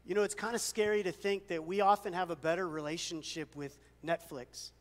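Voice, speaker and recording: This pastor's sermon comes across as relaxed storytelling laced with self-deprecating humor, spoken from a church sanctuary where his words fade into a long hall reverb. His voice is fairly high, steady in tone, and a little quick.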